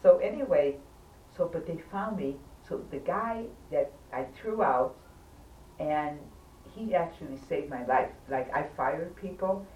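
A woman's voice: low voice, expressive, measured pace, recorded from a distance, dull audio. A woman telling a patient's story in casual talk, emphatic and insistent, always urging the listener to hear her out. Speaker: patient recounting a hospital stay. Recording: echoey room, voice from afar, faint noise.

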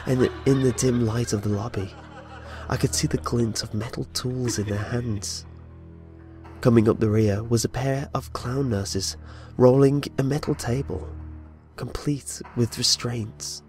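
A man's voice: mid-range voice, fairly even intonation, unhurried, a little mellow. A man telling a first-person horror story with tense, dramatic narration. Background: faint music.

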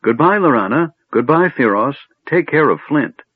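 A man putting on a shrill, eager voice for an excitable small kender, pitched very high. The audio is dry and tinny, like a phone line. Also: moderate pace, husky, dry recording. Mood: eager, excited.

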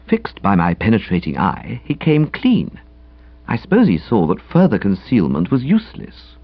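Husky, wildly animated male narrator. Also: moderate pace, no echo, lo-fi sound. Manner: breezy, chatty, highly expressive reading. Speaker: audiobook narrator. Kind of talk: comic audiobook narration.

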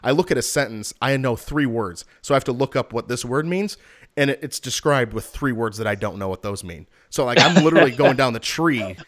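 A man's voice: mid-range voice, lively intonation, a little fast, fairly bright tone, no room sound, studio quality. A young man casually telling a rambling, exasperated story to a friend.

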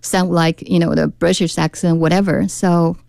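A woman's voice: lowish voice, fairly even intonation, moderate pace, gravelly, a little mellow, smooth, no room sound. A woman guest on a radio talk show, explaining her speech training company's courses with frequent fillers and restarts.

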